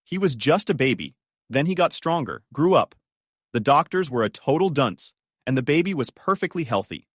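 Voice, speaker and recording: A man's voice: a little high, sing-song, moderate pace, dry recording, clean studio sound. A man narrating a scripted drama story in a dramatic storytelling manner.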